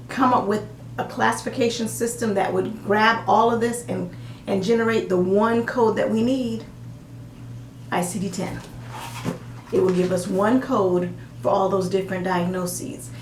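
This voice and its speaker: A woman's voice: mid-range voice, echoey room, a little hiss or hum. A woman with a Southern US accent, teaching medical coding in a casual, folksy way with everyday examples. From American South.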